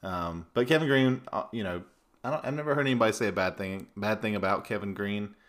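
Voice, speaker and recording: Male podcast co-host, low-pitched, relaxed and conversational. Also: quick pace. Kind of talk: casual sports podcast chat.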